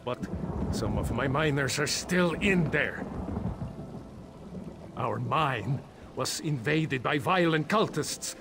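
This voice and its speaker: An anxious mine foreman in a fantasy video game, his talk a little higher than usual and laced with dry humor. Faint game music plays behind him. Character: worried male mine boss, wry and jumpy. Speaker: mine owner non-player character.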